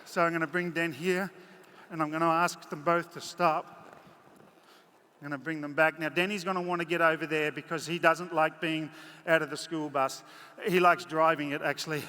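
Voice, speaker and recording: A man's voice: fairly high pitch, steady tone, normal speed, bright, forceful tone. A man giving a live horse-training demonstration in a large arena, chatting folksily and doing playful voices for his horses. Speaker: horse clinician. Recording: echoey arena with faint crowd noise.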